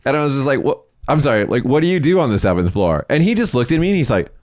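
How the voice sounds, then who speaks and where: A man co-hosting a podcast, telling stories in a casual, animated and profane way. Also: medium pitch, fast talker, dry recording, clean studio sound. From United States. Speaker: podcast co-host.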